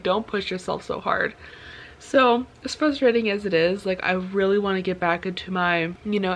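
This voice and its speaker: A woman's voice: mid-range voice, creaky. A woman chatting in a casual book vlog, sick and short of breath, rambling with lots of fillers. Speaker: book vlogger.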